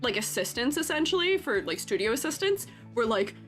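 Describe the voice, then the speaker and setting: A woman's voice: a little high, sing-song, fairly quick, fairly bright tone, faint music behind. A woman streaming and chatting casually, rambling with lots of fillers and frequent giggles. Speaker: streamer and art teacher. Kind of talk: casual live-stream chat.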